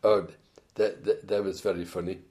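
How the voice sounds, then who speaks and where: A man's voice: deep voice, level tone, moderate pace, dark tone. An older man with an Irish accent telling rambling stories in an oral history interview, full of hesitant restarts. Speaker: interviewee, former band musician.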